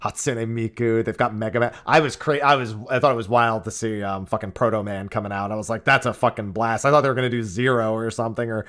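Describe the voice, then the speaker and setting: A man's voice: lowish voice, fairly even intonation, quick pace, few pauses, a bit bright. A man hosting a casual gaming podcast, talking in a rambling, self-interrupting, joking way. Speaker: podcast host.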